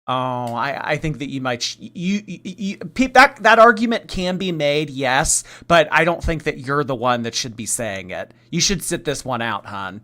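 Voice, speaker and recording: A man's voice: fairly high pitch, animated, normal speed, hardly any pauses, pushed and bright. A man commenting on a live stream in a sarcastic, mocking way, rambling and restarting his sentences.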